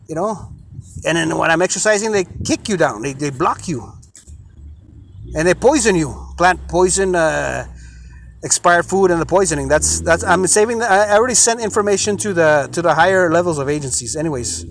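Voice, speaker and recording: A man's voice: high voice, a bit bright. A man rambling in an aggrieved, repetitive monologue he records himself, full of "you know" fillers. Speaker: vlogger recording his complaints.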